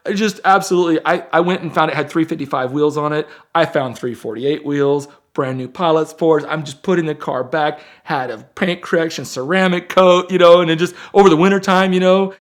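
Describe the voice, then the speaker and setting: A car dealer telling a story in casual storytelling, rambling with fillers and acting out quoted dialogue with animated jumps. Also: male voice, on the high side.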